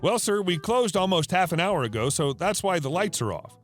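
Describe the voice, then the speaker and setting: A man's voice: high-pitched, sing-song, moderate pace, faint music behind. A man reading as a polite store coworker.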